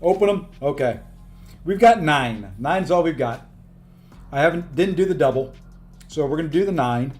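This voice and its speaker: A man's voice: on the high side, animated, normal speed, pauses often, darkish tone, soft background music. A tired, upbeat man live-streaming a video game, chatting casually and thanking viewers by name as he plays.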